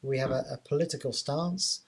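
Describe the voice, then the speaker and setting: A man's voice: mid-range voice, a little fast, slightly rough. A man co-hosting a podcast, chatting casually and jokily, often restarting his sentences. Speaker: podcast co-host. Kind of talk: casual chat.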